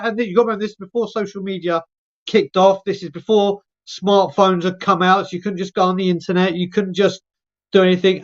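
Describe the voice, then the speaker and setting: A man with a fairly high voice, hosting a live stream and spinning a chatty, lively anecdote. His audio comes through a dull, lo-fi line. He talks loosely and casually. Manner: chatty, animated storyteller who mimics friends. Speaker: show host.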